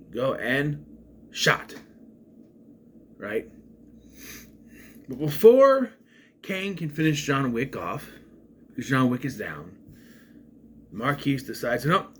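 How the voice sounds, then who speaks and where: Animated rambling man reviewing a film. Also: medium pitch, slight background noise. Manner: rambling and animated, with frequent restarts and asides. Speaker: movie reviewer. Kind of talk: casual spoken film review.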